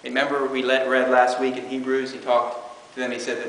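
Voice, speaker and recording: A man's voice: mid-range voice, completely flat delivery, a little fast, a bit bright, slight background noise. A man preaching a conversational sermon, stepping into quoted prayers and doubters' words as he teaches. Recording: echoey hall with long reverb.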